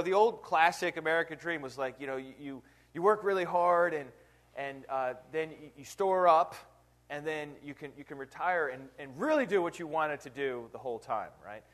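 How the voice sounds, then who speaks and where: A man preaching an informal Bible lesson in a conversational way, often asking rhetorical questions. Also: on the high side. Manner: conversational, asks rhetorical questions, frequent "right?"; reads scripture aloud with emphasis.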